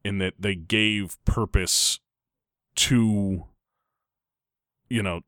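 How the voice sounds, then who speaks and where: Very low-voiced man, thoughtful. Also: fairly even intonation, drawn-out words, fairly bright tone, no room sound, studio quality. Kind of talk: casual film discussion.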